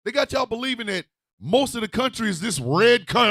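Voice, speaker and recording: A man hosting a radio talk show, ranting loudly and profanely, swinging from shouts to low mutters. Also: animated, brisk, no echo, clean studio sound. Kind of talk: animated political rant.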